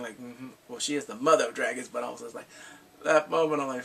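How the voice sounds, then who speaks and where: A young man recapping a TV episode in casual chat, animated and acting out scenes with loud exclamations. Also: medium pitch, quick pace, vocal fry, slightly rough. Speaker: TV show reviewer.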